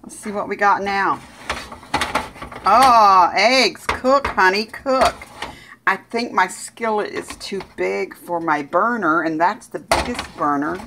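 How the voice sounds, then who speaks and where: A woman chatting casually in her home kitchen, talking homey and cooing at her dog in a high sing-song voice. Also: normal speed, creaky, few pauses, background noise. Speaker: vlogger. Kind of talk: casual kitchen vlog chat.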